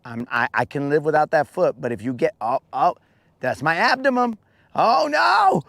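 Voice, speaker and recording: A man voicing a panicked bug being eaten by a praying mantis, shouting frantically and exclaiming in Spanish slang. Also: a little high, very animated, moderate pace, creaky, no room sound, exaggerated voice.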